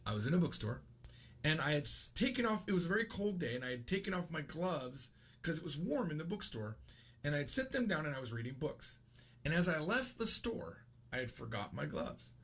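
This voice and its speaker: A man's voice: a little high, sing-song, brisk, a bit bright, breathy edge. A man in his thirties giving a casual, rambling video lesson and correcting himself as he goes. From United States. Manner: chatty, rambling, self-correcting. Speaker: language teacher.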